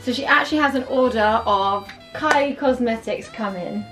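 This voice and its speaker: A woman's voice: fairly high pitch, moderate pace, over music. A British girl in a family vlog, explaining things plainly.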